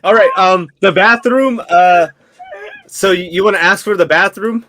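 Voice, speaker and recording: A man's voice: high-pitched, normal speed, a crowd in the background. A man running a tabletop game as dungeon master, rambling and loosely repeating his words.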